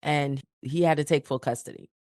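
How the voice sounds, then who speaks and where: New york woman, low voice, dry sound, animated storyteller doing the voices. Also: normal speed, no room sound. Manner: animated, acts out quoted dialogue. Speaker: podcast guest. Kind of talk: casual storytelling.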